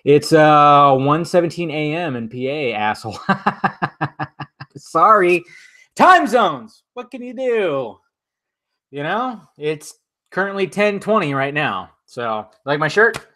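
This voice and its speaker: Male streamer, slightly high voice, loose and profane, casual live chat. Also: pushed and bright. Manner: loose, profane, drinking while talking.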